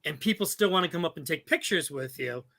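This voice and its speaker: Man, podcast host, higher pitch, bright tense tone, eager fan chatter. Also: expressive, fast talker, vocal fry. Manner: eager, enthusiastic fan talk. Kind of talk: casual chat.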